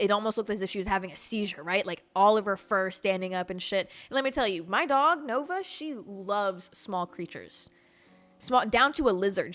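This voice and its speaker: A woman hosting a podcast, telling a story in a casual, animated, profane way. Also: medium pitch. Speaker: podcast host.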